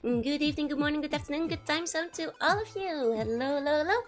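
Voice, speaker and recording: Bubbly hoarse woman with a Dutch accent. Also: high voice, fast talker. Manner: bubbly, laughs often, greets chat by name. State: hoarse from being sick. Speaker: streamer. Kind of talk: casual live-stream chat.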